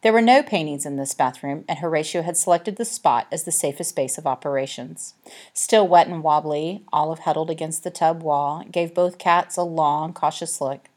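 A woman with a low voice narrates an audiobook, reading the scripted text in a measured and expressive manner.

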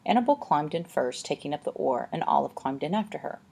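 A woman narrating a storybook aloud in a steady, expressive way. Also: low-pitched, gravelly, husky. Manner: steady, expressive, slows for tense moments.

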